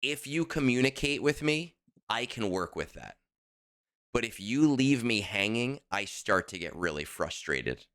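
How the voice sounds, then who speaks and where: A man co-hosting a casual podcast, telling a story in an animated, emphatic way. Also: mid-range voice, a little slow. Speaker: podcast co-host. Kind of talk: casual chat.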